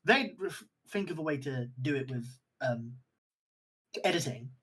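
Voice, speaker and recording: A man chatting casually on a podcast, jokey and animated. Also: medium pitch, measured pace, breathy edge. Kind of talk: casual chat.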